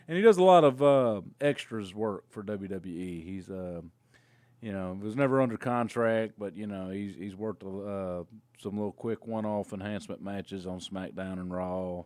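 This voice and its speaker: Low-voiced animated storytelling man. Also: normal speed, no echo. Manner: animated storyteller, laughs often. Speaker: podcast co-host and indie wrestler. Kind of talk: casual chat, road stories.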